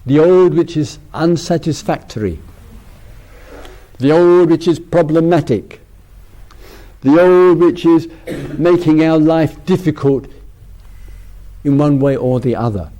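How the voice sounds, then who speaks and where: A man's voice: on the high side, slow, long pauses, dark tone. A man giving a casual spiritual talk, rambling with frequent restarts and laughter. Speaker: spiritual teacher.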